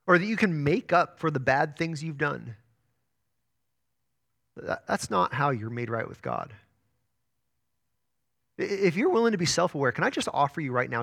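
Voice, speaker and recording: Pastor, male, slightly higher voice, earnest sermon delivery, builds and drops, restarts words. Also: gravelly. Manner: earnest preaching with sharp rises and soft drops.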